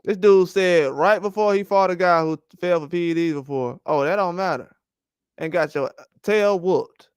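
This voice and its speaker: A man's voice: sits high, normal speed, clean tone, no room sound, studio quality. A man hosting a boxing channel, giving casual, rambling commentary and trash talk. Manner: animated, rambling trash talk with frequent laughs.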